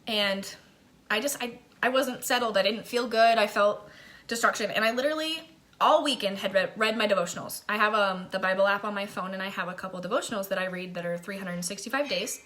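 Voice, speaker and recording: A woman's voice: medium pitch, fairly quick, a bit bright. A young woman telling a personal faith testimony in a vlog, emotional and chatty, often breaking into laughter. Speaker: faith vlogger.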